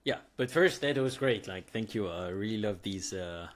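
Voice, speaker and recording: A man hosting a podcast interview, speaking appreciatively and a little haltingly. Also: on the low side, expressive, crowd noise. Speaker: podcast host. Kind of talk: casual interview chat.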